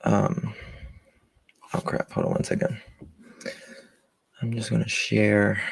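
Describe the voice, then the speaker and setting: A man's voice: lowish voice, little pitch movement, slow, vocal fry, pauses often, breathy edge, no echo. A man hosting a commentary stream, flustered and joking while he fiddles with screen sharing. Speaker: commentary channel host.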